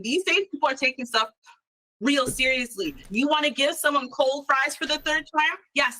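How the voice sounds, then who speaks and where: A woman co-hosts a casual commentary chat with a bright, ringing voice. Her pitch sits a little high and leaps around constantly. She keeps tossing rhetorical asides at her listeners. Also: slight background noise, poor audio. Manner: animated, chatty, rhetorical asides. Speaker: show co-host.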